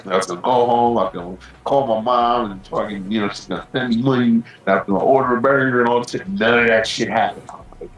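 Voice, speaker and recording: Profane storytelling man, low voice, echoey. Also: a bit bright. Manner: profane, rambling storytelling with lots of "bro". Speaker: podcast co-host. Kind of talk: casual podcast chat.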